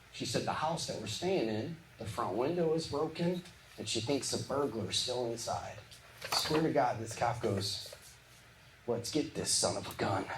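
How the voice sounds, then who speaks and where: A man from the Midwest doing live stand-up comedy, joking back and forth with audience members in quick, punchy bits. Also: medium pitch. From Midwest of the United States. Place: live comedy show venue. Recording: echoey live venue with loud crowd noise. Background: audience laughter and applause.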